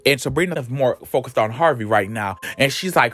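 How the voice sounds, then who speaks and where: A man's voice: mid-range voice, lively intonation, brisk, hardly any pauses, fairly bright tone, breathy edge. A man retelling a story in a dramatic, chatty, profane way. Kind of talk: casual storytelling recap.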